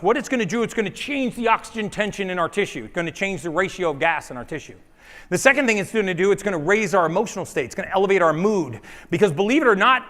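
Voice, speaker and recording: A man giving a lively seminar talk to a live audience, firing questions at the crowd and leading them through a group exercise. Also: high voice. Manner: energetic, rallying the audience with questions. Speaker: health speaker. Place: large hall before a live audience. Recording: echoey hall.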